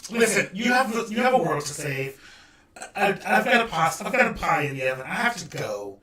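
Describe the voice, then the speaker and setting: A man voicing a fussy, passive-aggressive mother in a tabletop game, talking in halting, stammering bursts. He sounds roomy and distant from the mic. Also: high voice, big pitch swings, bright, forceful tone, heavily acted. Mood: defensive. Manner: stammering, guilt-tripping.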